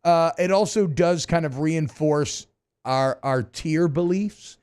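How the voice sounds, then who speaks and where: A man co-hosts a sports radio talk show with a fairly high voice. He talks quickly and wryly, moving between jokes and analysis in casual studio banter. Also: darkish tone, smooth.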